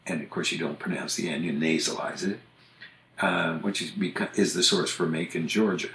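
A man from the United States hosting a podcast, casually explaining things in a measured way and spelling words out letter by letter. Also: low-pitched, fairly even intonation, a bit bright, roomy sound. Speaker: podcast host on English usage.

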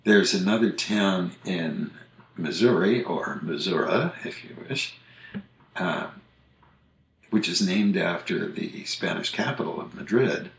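A man hosting a podcast about language, chatting casually and walking through examples one by one in a relaxed, explanatory way. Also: sits low, slow, gravelly. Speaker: podcast host discussing language usage. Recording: roomy echo.

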